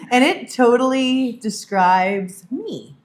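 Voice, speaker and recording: A woman's voice: on the high side, animated, slow. A woman from Massachusetts co-hosting a casual podcast with her husband, bubbly and teasing. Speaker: podcast co-host. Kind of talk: casual chat.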